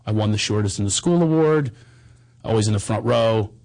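A man's voice: lowish voice, a little fast, vocal fry, darkish tone. Bombastic middle-aged male comedy host. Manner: bombastic, rambling, self-deprecating. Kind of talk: casual chat and personal storytelling.

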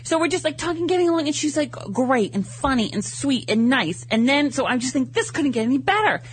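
A man chatting as a talk show guest, telling an animated story and acting out his own reactions. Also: extremely high pitch, a little fast. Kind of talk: casual talk show chat.

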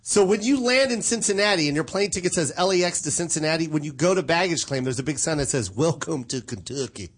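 A man's voice: on the high side, fast, hardly any pauses. A man co-hosting a podcast, telling wry stories and laughing often in casual chat. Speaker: comedian co-host.

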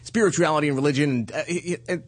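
A man's voice: a little high, racing. A man in his thirties in casual chat, animatedly telling a story and acting out the people in it. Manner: animated storyteller, acts out quotes.

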